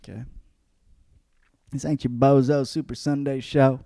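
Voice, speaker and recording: A young adult man hosting a podcast, delivering an ironic comedic rant full of swearing, jumping between shouting and muttering. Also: medium pitch, little pitch movement, a little slow, creaky, no echo, studio quality. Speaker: podcast host.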